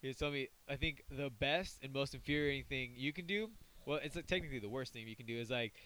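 A man's voice: medium pitch, fast, bright, forceful tone. A man co-hosting a podcast, telling a rambling story in casual chat, full of "like" and restarts. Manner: rambling storyteller, heavy use of "like". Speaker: podcast co-host.

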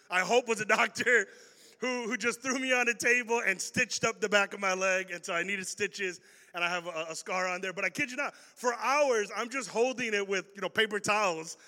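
A young man giving a storytelling youth talk to a live audience, animated and joking and speaking straight to the crowd. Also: high-pitched, long reverb tail.

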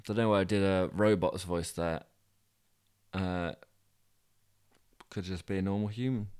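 Deadpan storyteller man, smooth voice. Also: sits low, measured pace. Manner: dry, deadpan asides. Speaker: podcast host and storyteller. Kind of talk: comic storytelling narration.

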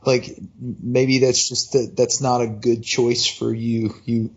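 A man co-hosting a casual podcast chat, talking in a hesitant, halting way. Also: medium pitch, level tone, breathy edge. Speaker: podcast co-host. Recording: dull lo-fi recording.

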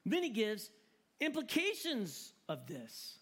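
A man preaching a sermon in an animated, joking way, often repeating words for emphasis. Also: high-pitched, slow, breathy edge. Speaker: pastor.

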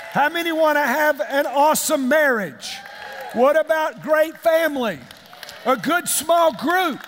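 Animated preacher man, high voice. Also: in a large hall. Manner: animated, shouting questions to the congregation. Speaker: pastor. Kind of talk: sermon.

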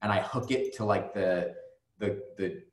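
A man's voice: low-pitched, measured pace. A man guest telling a long story casually, rambling with plenty of fillers and swearing. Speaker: music video director, guest. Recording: roomy echo.

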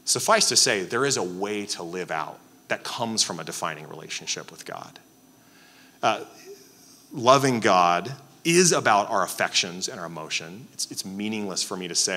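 A man's voice: deep voice, lively intonation, moderate pace, pushed and bright, in a large hall. A man preaching a Sunday sermon as a pastor, talking in a loose, conversational way with many fillers and restarts.

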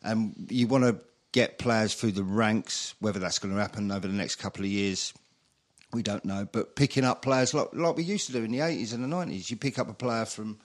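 Man podcast guest, low voice, matter-of-fact football talk. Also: a little fast. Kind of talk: casual football fan chat.

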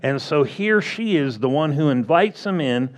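A man preaching a sermon as pastor, drawing out words and acting out quick playful quotes. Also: fairly high pitch, lively intonation. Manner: slow, drawn-out delivery with playful acted-out quotes.

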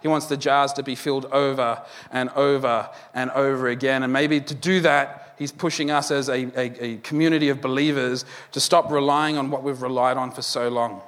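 A man's voice: mid-range voice, fairly even intonation, normal speed, hardly any pauses, a bit bright, long reverb tail. A man preaching a conversational sermon as pastor, with joking asides.

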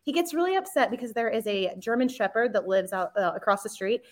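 A bubbly woman chatting over a video call, her voice bouncing high and low. She sits a little above the usual pitch for a woman and laughs easily. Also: quick pace. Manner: bubbly, animated, laughs often. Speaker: guest, media relations manager. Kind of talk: casual podcast chat.

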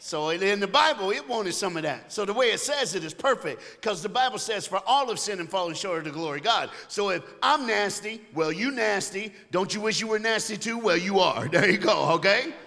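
Man, preacher, high bright voice, loud call-and-response, long hall echo. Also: animated, a little fast, gravelly, hardly any pauses. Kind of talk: energetic call-and-response sermon. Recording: long hall reverb, faint ambience.

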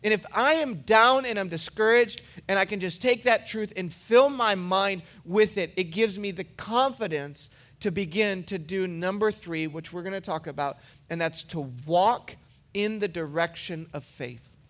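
A pastor with a high-pitched voice gives a sermon from the pulpit. He preaches in a relaxed, conversational manner and weaves personal stories into his points. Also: a little slow.

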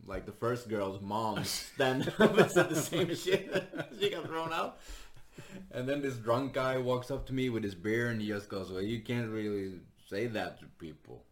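A man's voice: medium pitch, animated, a little slow. A man, a stand-up comedian, telling a story in casual chat, laughing often and swearing freely. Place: Sweden.

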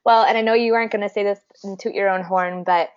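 A woman's voice: mid-range voice, steady tone, fast, dull audio. A woman hosting a podcast, enthusiastic and encouraging toward her guest. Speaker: podcast host. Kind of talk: casual interview chat.

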